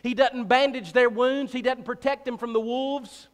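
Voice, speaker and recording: A man preaching a sermon in a church, emphatic and repetitive, swinging between loud and soft, with joking asides. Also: extremely high pitch, steady tone, moderate pace. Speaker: pastor. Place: church sanctuary. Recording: reverberant church hall.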